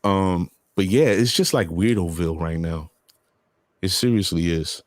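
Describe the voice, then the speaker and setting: A man's voice: low-pitched, a little slow, no echo, clean studio sound. A man hosting a casual podcast chat, talking bluntly and animatedly. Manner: blunt, animated storytelling with profanity. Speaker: podcast host.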